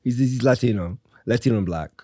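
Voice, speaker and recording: A middle-aged man with a bass-baritone voice, a guest chatting in a sassy, campy, animated way. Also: brisk, no echo, studio quality. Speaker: guest, drag performer and singer. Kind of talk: casual podcast chat.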